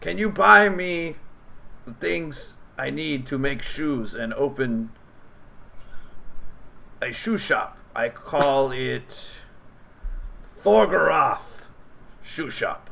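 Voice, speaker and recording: A man voicing a weary male goblin villager who speaks in broken, halting English. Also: medium pitch, animated, vocal fry, pushed and bright, full character voice. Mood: wistful.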